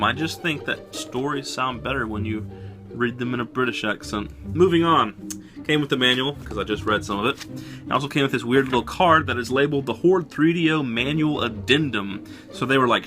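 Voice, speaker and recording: A man's voice: mid-range voice, fairly quick, music in the background. A man casually showing off his retro game collection on video, with wry, joking asides.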